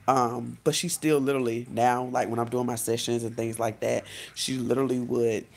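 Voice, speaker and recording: A woman vlogging as a life coach, talking straight to her viewers in a loose, chatty way. Her voice carries a gravelly fry. She keeps correcting herself and calling her audience "guys" and "y'all". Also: a bass voice, quick pace, a little mellow. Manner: frequent "literally" and self-corrections. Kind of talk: casual vlog storytelling.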